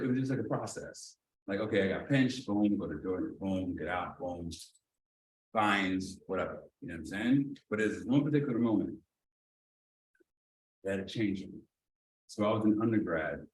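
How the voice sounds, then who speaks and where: In a roomy hall, a low-pitched executive director tells a casual personal story as part of a training talk. He's animated, acts out the dialogue, and often asks "you know what I'm saying." The mic is at a distance, giving echo and faint noise.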